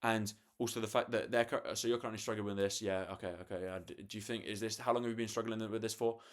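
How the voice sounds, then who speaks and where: A man's voice: lowish voice, fairly even intonation, quick pace. Swearing young man vlogging late at night. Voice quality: swears freely, restarts often, acts out sales calls. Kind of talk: casual late-night talk to camera.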